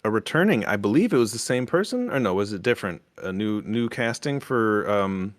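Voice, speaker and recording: A low-pitched man talks in a loose, rambling way as a podcast host, with plenty of ums and false starts. His voice is close and dry, with no room around it. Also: expressive, fairly quick, dry recording. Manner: rambling, many fillers and restarts. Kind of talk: casual review chat.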